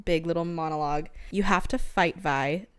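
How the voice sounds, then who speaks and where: A woman's voice: lowish voice, normal speed, smooth, no echo. A young woman co-hosting a casual book podcast, reading quotes aloud and laughing often as she shares theories. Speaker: podcast co-host. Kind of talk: casual book-discussion chat.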